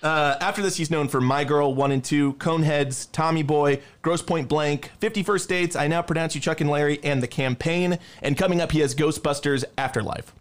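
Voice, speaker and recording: A man's voice: a little high, moderate pace, few pauses. A young man co-hosting a podcast, reading through actors' film credits in a casual chat and laughing often. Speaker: podcast co-host.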